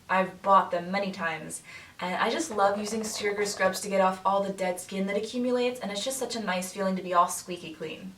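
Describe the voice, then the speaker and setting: A woman's voice: mid-range voice, fairly bright tone, distant mic. A young woman vlogger chatting casually to the camera, laughing often. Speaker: makeup artist vlogger. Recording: echoey room, mic set back, faint hiss.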